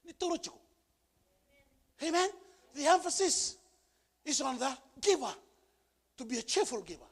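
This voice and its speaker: A male pastor preaching a sermon with emphasis, repeating key phrases and building to shouted peaks. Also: very high-pitched, big pitch swings, moderate pace, pauses often. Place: church service.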